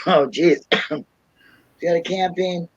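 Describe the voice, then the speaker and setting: A woman's voice: lowish voice, extremely slow, pushed and bright, breathy edge, no room sound, rough recording. A middle-aged woman with a Minnesota accent hosting a casual livestream chat. She is chatty and laughs often. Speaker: livestream host.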